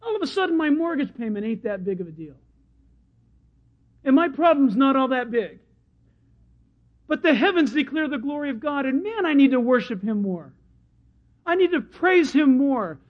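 Man, pastor, sermon, animated storytelling, high voice, muffled lo-fi audio. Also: moderate pace, long pauses. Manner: animated storyteller who acts out crowd voices. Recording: dull lo-fi sermon recording.

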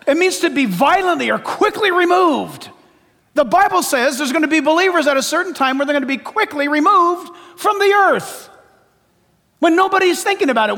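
A male pastor preaching a sermon in a church, animated and joking, with emphatic delivery. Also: very high voice. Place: church sanctuary. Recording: long reverb of a large hall.

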